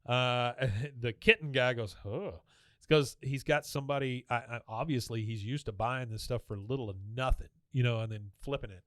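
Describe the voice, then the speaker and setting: A man with a mid-range, slightly bright voice speaks at a moderate pace, recorded dry with studio quality. He's a podcast host chattily recapping a cartoon episode scene by scene, using plenty of fillers.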